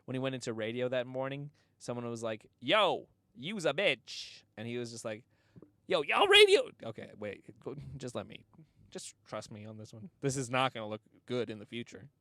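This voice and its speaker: A man's voice: mid-range voice, fairly even intonation, a little fast, smooth, no room sound. A man hosting a podcast, telling comic stories in a rambling, profane way and often breaking into laughter. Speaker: podcast host. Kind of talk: casual comedic storytelling.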